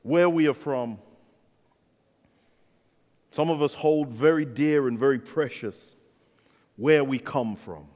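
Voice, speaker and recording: A man with an English accent preaching a sermon as a pastor, telling stories in an animated way and acting out the dialogue. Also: medium pitch, slow pace, long pauses. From England. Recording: long reverb of a large hall.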